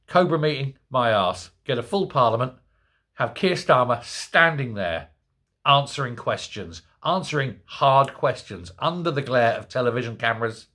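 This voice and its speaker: A man's voice: medium pitch, expressive, moderate pace, sharp tone. A man delivering an indignant, sarcastic political commentary monologue. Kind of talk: ranting monologue.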